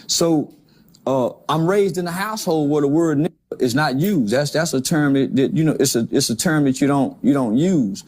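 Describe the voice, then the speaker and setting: A man's voice: fairly high pitch, moderate pace, darkish tone. A man in his forties giving a candid interview, emphatic and often repeating words as he starts a thought. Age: 40s. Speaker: guest.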